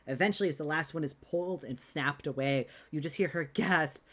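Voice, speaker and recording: A man's voice: a little high, a little fast, hardly any pauses, fairly bright tone. A man narrating a tabletop game as game master, rambling with many "um"s and "like"s.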